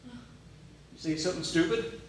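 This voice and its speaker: A man preaching a sermon, telling stories in a lively, joking way with asides and restarts. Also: high-pitched, measured pace, slight background noise. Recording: echoey hall from far off.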